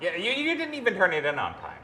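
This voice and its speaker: A man reading stage directions and lines in a comedy sketch, sounding flat and exasperated. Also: high-pitched, fast talker. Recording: roomy echo, faint hiss.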